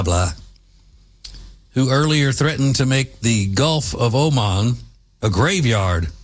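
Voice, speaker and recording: Slow, combative American man. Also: fairly low pitch. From United States. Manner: emphatic and combative, hammering points through repetition. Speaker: political commentary host. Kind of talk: opinionated monologue commentary.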